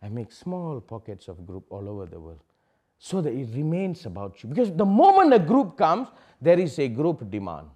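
A man giving a public spiritual talk, asking rhetorical questions and swinging from loud declarations to hushed asides. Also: fairly high pitch, wildly swooping pitch, moderate pace. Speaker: spiritual teacher.

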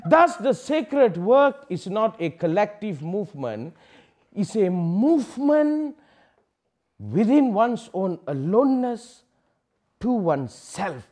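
A man giving a public spiritual talk, asking rhetorical questions and swinging from loud declarations to hushed asides. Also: high-pitched, sing-song, slow pace. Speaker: spiritual teacher.

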